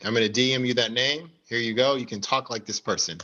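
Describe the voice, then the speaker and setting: A man's voice: medium pitch, fast talker, sharp tone, highs cut off. A man hosting an online party game over a video call, with an upbeat, announcer-like delivery. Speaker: game host.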